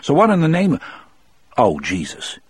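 A man voicing a gruff older prison warden who speaks bluntly and demandingly, a little above his own pitch. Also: big pitch swings, moderate pace, no echo, clean studio sound, exaggerated voice. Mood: bewildered.

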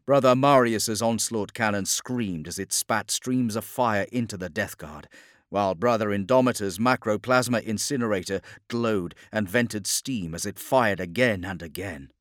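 Low male narrator, steady dramatic audiobook reading, dry close sound. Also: moderate pace, no room sound.

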